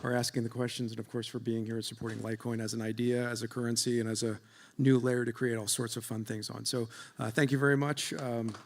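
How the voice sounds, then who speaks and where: A man speaks quickly on a conference stage, his voice gravelly with fry. He stops and restarts often and fills gaps with ums. He is wrapping up a panel discussion. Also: mid-range voice, flat delivery, a little hiss or hum. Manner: hesitant, many fillers. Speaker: panel moderator.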